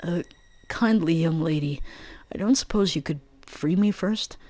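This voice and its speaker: A woman's voice: on the low side, unhurried, close to an everyday voice. A woman voicing a small, overly polite mouse who begs pleadingly while secretly scheming.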